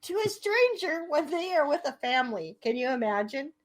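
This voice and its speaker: A woman's voice: sits high, very animated, moderate pace. A woman hosting a comedy podcast in casual chat, giggly and often laughing as she reads items out. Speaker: podcast host.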